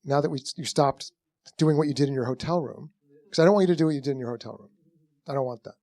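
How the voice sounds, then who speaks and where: A man's voice: medium pitch, quick pace, no room sound, studio quality. A man, a film director, telling rambling anecdotes in an onstage conversation and acting out what people said. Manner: rambling, animated storytelling with acted-out quotes; frequent restarts and "you know".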